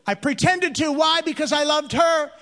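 A man does stand-up storytelling in a church hall, with animated delivery and stretched-out punchlines. His voice sits high and carries a long hall reverb. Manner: animated, drawn-out comic delivery. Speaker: comedian.

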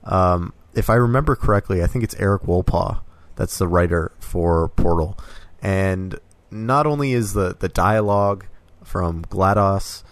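A man with a very deep voice talks thoughtfully on a gaming podcast, pausing often with fillers. The recording is dry, with no room sound. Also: no echo. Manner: measured, thoughtful, with "um" pauses. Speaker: podcast co-host. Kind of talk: casual game discussion.

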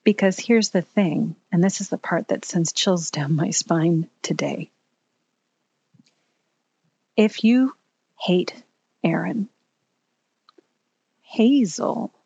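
Woman, earnest personal storytelling, lowish voice, dry close sound. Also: darkish tone, breathy edge, no echo, muffled recording. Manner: earnest and candid, halting at emotional moments.

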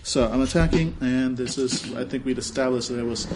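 A man talks through his attack in a tabletop game. He adds up dice sums aloud and pauses on fillers as he goes. A clear hiss of noise runs under the recording. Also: medium pitch. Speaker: player. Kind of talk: casual tabletop game talk.

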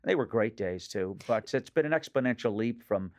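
On a casual radio interview, a Nova Scotia comedian in his fifties spins rambling stories packed with jokes. He speaks at normal speed in an animated, medium-pitched voice.

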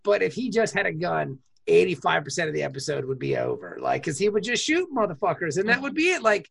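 A woman's voice: lowish voice, big pitch swings, fast, creaky, husky. A woman co-hosting a casual podcast, rambling and thinking aloud about a show. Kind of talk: casual chat.

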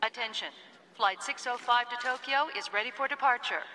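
A woman's voice: a little high, fairly quick, sharp tone, slight background noise, poor audio. A woman voicing a formal flight announcement from a cartoon clip. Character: female airport flight announcer.

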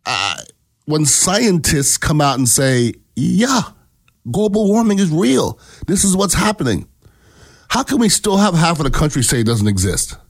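A man talks through a casual political commentary with blunt, emphatic delivery. He swears freely and keeps checking in with his listeners. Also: medium pitch.

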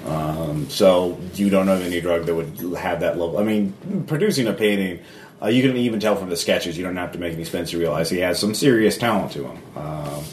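A man narrating as game master, talking haltingly with many pauses and fillers. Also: low-pitched, a little mellow, recorded from a distance. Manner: halting, full of ums and uhs. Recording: echoey room with background noise.

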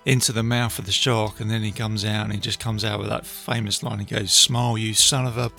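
A man's voice: on the low side, level tone, fairly quick, vocal fry, a bit bright, faint music behind. A man hosting a casual film review podcast, retelling scenes in a chatty way with plenty of fillers. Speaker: podcast host.

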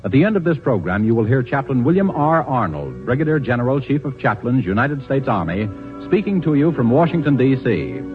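A man announcing a radio program in a formal scripted style, crisp and declamatory. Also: mid-range voice, big pitch swings, fairly quick. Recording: tinny 1940s radio broadcast with music.

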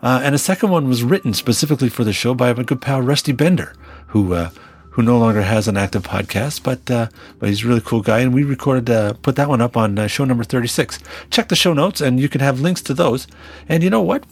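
A man's voice: mid-range voice, breathy edge. A man hosting his podcast in a chatty, rambling, joking way. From Canada. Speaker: podcast host. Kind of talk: casual podcast chat.

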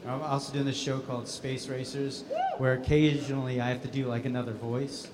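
At a casual convention Q&A, a male voice actor on the panel tells stories with animated delivery and frequent laughter. His mid-range voice moves fairly quickly over heavy background noise.

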